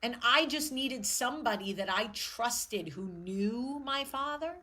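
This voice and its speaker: Husky-voiced woman, raw and candid. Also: on the high side, expressive, a little slow, pushed and bright, rough recording. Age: 40s. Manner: emotional, blunt, swears freely. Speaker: show host. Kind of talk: candid personal vlog monologue.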